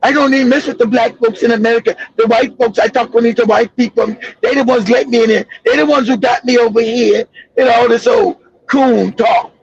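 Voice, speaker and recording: A man's voice: extremely high pitch, fairly even intonation, quick pace, gravelly, few pauses, breathy edge, dry recording. A man hosting a show, giving heated, mocking commentary full of repeated insults, on a dull lo-fi recording. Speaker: show host. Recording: dull lo-fi dry audio.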